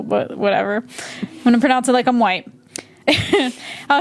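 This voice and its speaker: A young woman co-hosting a podcast in casual chat, telling lively stories and acting out customers. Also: a little high, brisk. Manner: animated storytelling, acts out customers, frequent laughs. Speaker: podcast co-host. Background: restaurant cashier.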